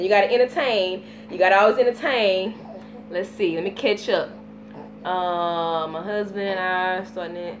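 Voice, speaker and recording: A woman in her thirties with a Southern US accent, chatting casually on a live vlog, telling stories with lively baby talk. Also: mid-range voice, normal speed, a little hiss or hum. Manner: animated storytelling with playful baby talk. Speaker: vlogger.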